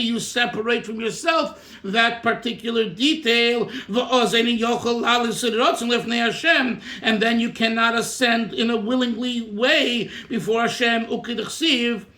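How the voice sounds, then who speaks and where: High, bright-voiced rabbi teaching a text. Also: male voice, reverberant. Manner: reads Hebrew lines and explains them in English, breaks into song. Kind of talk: Torah class, reading and translating a text.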